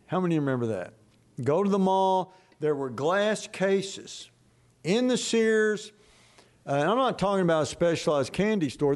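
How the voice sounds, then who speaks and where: An older man preaching a sermon as a pastor, telling stories in a folksy, animated way. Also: high voice.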